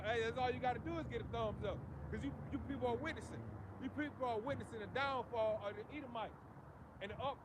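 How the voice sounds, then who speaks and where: A man with a high voice preaches on the street, driving each point home in an emphatic, preachy cadence. He keeps tagging lines with "man" and "you see". Clear outdoor street noise runs behind him.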